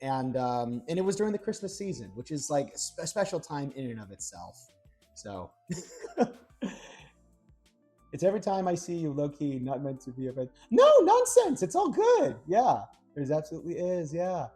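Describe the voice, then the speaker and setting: Slightly high and sing-song, this young man's warm voice moves at a normal speed while he cooks on a live stream. He's a rambling storyteller who keeps chatting with and replying to his viewers, with faint music behind him.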